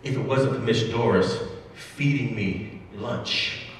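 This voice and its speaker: A man telling a story in a keynote speech to educators, animated and repetitive, building emphasis with each line. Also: medium pitch, slow, a little hiss or hum. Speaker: motivational speaker to educators. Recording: echoey hall, mic far off.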